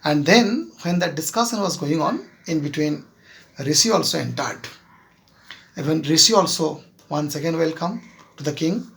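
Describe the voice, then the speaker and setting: A man with an Indian English accent tells a moral story to his students. His voice is slightly high and gravelly, and he talks in a slow, halting way with many fillers, often stopping to check that the class is following. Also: lively intonation, fairly bright tone. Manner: keeps checking with "Clear?". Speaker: teacher.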